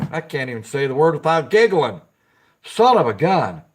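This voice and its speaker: Giggly chatty man, higher voice. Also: sing-song, takes it slowly. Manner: chatty, greets viewers by name, giggles often. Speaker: live-stream host. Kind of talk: casual live-stream chat.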